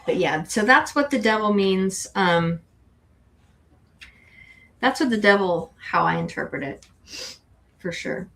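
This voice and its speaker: A woman's voice: medium pitch, expressive, slow pace, vocal fry, long pauses, fairly bright tone. A middle-aged woman co-hosting a tarot show, chatting casually and rambling with frequent restarts. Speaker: tarot co-host. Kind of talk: casual chat.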